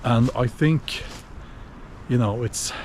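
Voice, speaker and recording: A man giving a casual opinion monologue while walking outdoors, unhurried and musing, with many fillers and restarts. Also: mid-range voice, a little mellow, a little hiss or hum. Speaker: video blogger.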